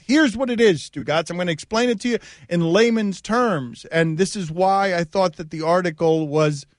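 Animated sports radio host man. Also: sits high, dry recording, studio quality. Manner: animated, laughing, storytelling. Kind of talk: casual sports talk radio. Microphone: studio mic.

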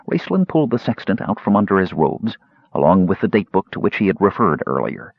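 A man narrating a fantasy novel as an audiobook, in an expressive, measured storytelling manner. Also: low-pitched, gravelly, breathy edge, dry recording, muffled recording.

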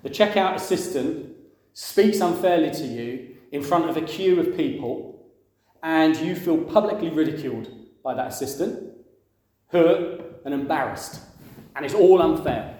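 A man's voice: a little high, lively intonation, measured pace, pauses often, darkish tone. A man preaching a conversational sermon, asking the congregation questions and acting out quoted voices. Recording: very echoey room.

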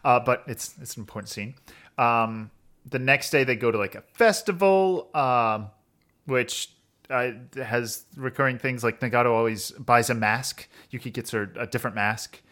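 A male podcast co-host rambling through a long summary, stacking up "uh"s and "like"s and breaking into laughs. His voice is bright and forceful, at an average pitch for a man. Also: normal speed. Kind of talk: casual podcast chat.

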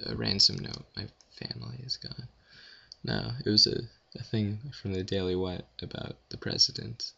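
Low gravelly young man, lo-fi. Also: normal speed. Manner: rambling, self-deprecating, deadpan jokes. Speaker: vlogger answering questions. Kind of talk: casual audio Q&A.

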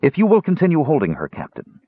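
Guy putting on a gentle stern cleric, formal talk, tinny dry sound. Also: fairly high pitch, wildly swooping pitch, quick pace, breathy edge, no room sound, voice pushed up, heavily acted. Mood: solemn. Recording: tinny narrow-band audio.

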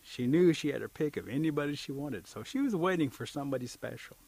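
A man telling a folk tale in a relaxed way, acting out the characters' lines as he goes. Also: fairly high pitch, quick pace, creaky, breathy edge, dry recording. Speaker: storyteller. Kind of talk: oral folk storytelling.

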